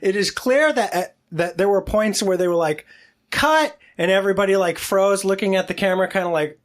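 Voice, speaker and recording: A man's voice: high-pitched, fast talker. A man co-hosting a casual podcast film review, making wry, sarcastic quips. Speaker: podcast co-host.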